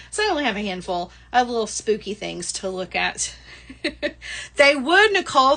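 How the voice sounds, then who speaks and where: A woman's voice: on the high side, a bit bright. A middle-aged woman hosting a live craft-shopping stream, chatting casually and laughing often. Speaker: livestream shopping host. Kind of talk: casual live product chat.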